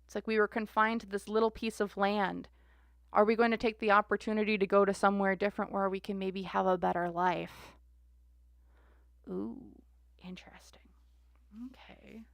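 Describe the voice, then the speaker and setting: A woman's voice: medium pitch, level tone, fairly quick, creaky, dry recording, studio quality. A woman doing a live-stream tarot reading, musing aloud with many restarts and fillers. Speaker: tarot reader.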